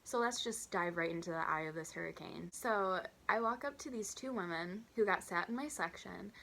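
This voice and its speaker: A woman's voice: fairly low pitch, normal speed, vocal fry, slight background noise. Young woman ranting a storytime vlog, chatty, jumps into voices. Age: 20s. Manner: chatty, animated, acts out customers and her own waitress voice. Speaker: vlogger.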